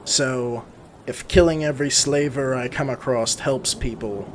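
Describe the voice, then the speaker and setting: A man's voice: medium pitch, steady tone, unhurried, slight background noise. A man speaking as a player in a tabletop game, earnest in character. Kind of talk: casual in-character play.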